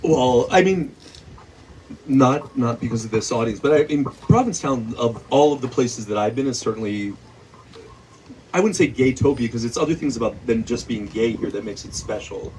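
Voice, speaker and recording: A man, a novelist, talking loosely at a bookstore event, full of "like" and quick laughs. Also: medium pitch, lively intonation, a little mellow. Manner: rambling, heavy use of "like", laughs often. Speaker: novelist guest. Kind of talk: casual conversation at a book event. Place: bookstore event before an audience. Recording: distant mic with faint noise.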